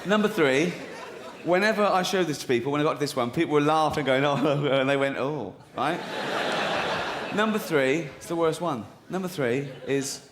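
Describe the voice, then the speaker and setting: A man's voice: fairly high pitch, normal speed. A middle-aged man doing a stand-up routine on a theatre stage, mocking and swearing in disbelief. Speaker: stand-up comedian. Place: stage in a theatre with audience laughter. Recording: echoey live theatre with audience noise.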